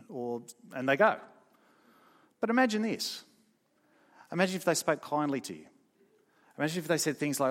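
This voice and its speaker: Emphatic preacher with hall echo. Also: male voice, on the high side, very animated, moderate pace, pauses often. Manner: emphatic, storytelling, swings from loud to soft. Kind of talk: sermon. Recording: long hall reverb.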